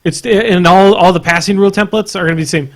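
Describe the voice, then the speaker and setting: Podcast co-host, male, slightly higher voice, relaxed banter, laughs a lot. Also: fast talker. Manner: laid-back, laughs often, restarts mid-sentence. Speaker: podcast co-host reading listener questions. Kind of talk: casual gaming podcast chat.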